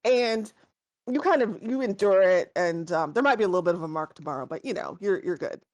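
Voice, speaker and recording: A woman's voice: on the low side, animated, brisk, a little mellow, no room sound. Chatty woman game master, dry sound. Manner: rambling, filler-heavy scene narration. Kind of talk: narrating a tabletop game.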